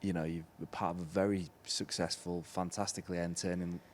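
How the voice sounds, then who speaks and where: A man's voice: low-pitched, flat delivery, a little fast, a little hiss or hum. A man co-hosting a podcast, asking questions in a jokey, encouraging way. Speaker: podcast co-host. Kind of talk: casual podcast chat.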